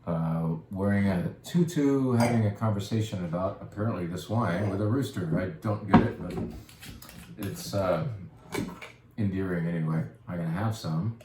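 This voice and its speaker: A man's voice: low-pitched, moderate pace, heavy background noise. A man hosting a casual wine presentation, chatty and playful with self-deprecating asides. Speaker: wine shop host. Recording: echoey room with faint ambience.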